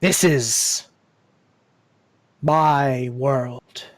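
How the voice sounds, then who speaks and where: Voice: mid-range voice, drawn-out words, no echo, voice pushed down. A game master doing a rambling, unhinged would-be king. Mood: proud, regretful. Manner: jabbering, repeating himself.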